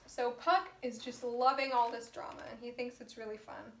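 High-voiced woman teacher reading a story. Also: steady tone, normal speed, fairly bright tone. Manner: patient, explanatory, chatty. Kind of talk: reading a storybook aloud to children with explanations. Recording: echoey room.

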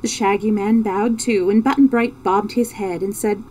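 Gravelly woman reading a storybook aloud. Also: mid-range voice, normal speed, few pauses, dark tone, slight background noise, poor audio. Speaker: storyteller streamer. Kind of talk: reading a children's book aloud on a livestream.

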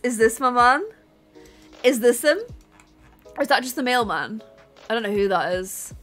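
A woman's voice: a little high, lively intonation, takes it slowly, pauses often, fairly bright tone, faint music behind. A woman playing a life-sim game and commenting, theatrical, playfully menacing and giggly. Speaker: gaming YouTuber. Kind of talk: playful let's-play commentary.

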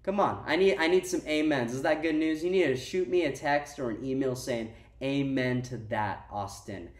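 Young guy youth pastor giving a chatty laid back sermon, kinda high voice, sounds a bit far from the mic in an echoey room. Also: expressive, fairly quick. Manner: casual, conversational preaching with slang and asides.

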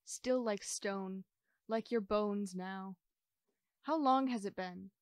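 A stage actor plays a wistful woman's voice of memory in an experimental theater monologue, her questioning manner shifting between soft and pressing. She speaks slowly in a mid-range voice with a probing mood, and there's no echo.

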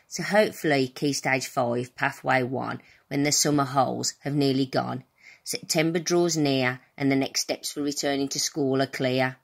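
A woman with a Birmingham accent reads her own rhyming poem aloud, speaking straight to her pupils. Her voice sits very low for a woman, and her reading stays earnest and direct. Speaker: school staff member.

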